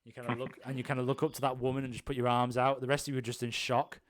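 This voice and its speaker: A young male game master narrates an improvised tabletop one-shot at a racing pace, his mid-range voice showing little pitch movement and no echo. His loose narration rambles, full of ums and restarts.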